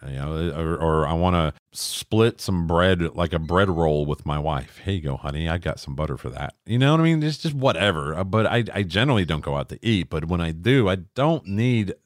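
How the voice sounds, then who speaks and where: A man's voice: deep voice, lively intonation, normal speed, hardly any pauses, dry recording, studio quality. A middle-aged man co-hosting a podcast, swearing freely as he rants and mimics people in casual chat. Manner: profane, ranting, acts out quoted voices. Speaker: podcast co-host.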